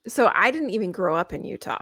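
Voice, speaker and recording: A woman's voice: medium pitch, expressive, fast talker, fairly bright tone. A woman from Maine, a guest in a casual podcast chat, talking in a laid-back way and laughing easily. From Maine, USA.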